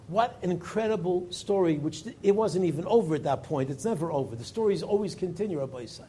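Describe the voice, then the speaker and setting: A man, a rabbi telling a story in a Torah class, his voice climbing for emphasis and dropping low for quoted lines. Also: lively intonation, fast, hardly any pauses, warm tone, a little hiss or hum.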